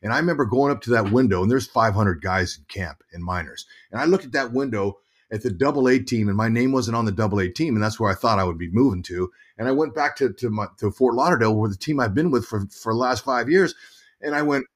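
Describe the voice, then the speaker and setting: Middle-aged male ex-athlete guest, animated raconteur, stumbles and repeats words, mid-pitched voice. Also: fast talker. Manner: animated storyteller, repeats words while thinking. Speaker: guest, former pro baseball player and broadcaster. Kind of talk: casual interview storytelling.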